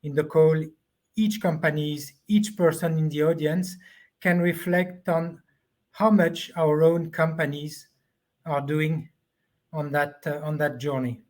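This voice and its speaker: A man speaking as a panelist on an online discussion, halting and searching for his words over a video call. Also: on the high side, steady tone, a little mellow.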